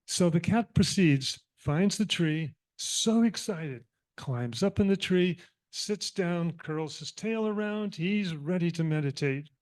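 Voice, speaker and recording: A man giving a sermon as minister, telling a parable in an animated, humorous and reflective way. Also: high-pitched, slow. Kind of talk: storytelling sermon.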